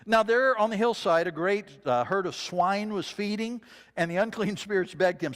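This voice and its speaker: A man preaching a sermon, reading scripture dramatically and dropping to a hush for quoted lines. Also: high-pitched, moderate pace. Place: church sanctuary. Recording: long reverb of a church sanctuary.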